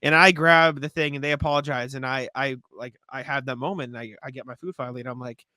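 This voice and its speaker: A man's voice: mid-range voice, quick pace, no room sound, studio quality. A man co-hosting a podcast in casual chat, telling stories with plenty of swearing. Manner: profane, animated storytelling. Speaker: podcast co-host.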